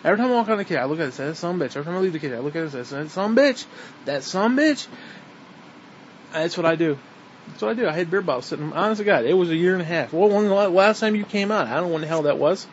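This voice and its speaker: A man's voice: fairly high pitch, very fast. A man delivering an angry, profane, repetitive rant straight at the listener. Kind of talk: ranting monologue to the camera. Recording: dull lo-fi recording with faint noise.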